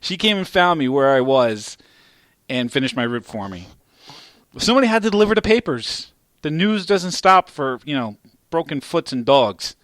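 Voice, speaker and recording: A man hosting a podcast, telling a story in a casual, profane and animated way. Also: fairly high pitch, moderate pace, no room sound. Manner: profane, animated storyteller who gets loud at climaxes. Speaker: podcast host.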